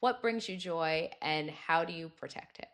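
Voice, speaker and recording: A woman's voice: sits low, moderate pace, a bit bright, dry recording, clean studio sound. A woman hosting a podcast, upbeat and encouraging, wrapping up an interview and chatting to listeners. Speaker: podcast host.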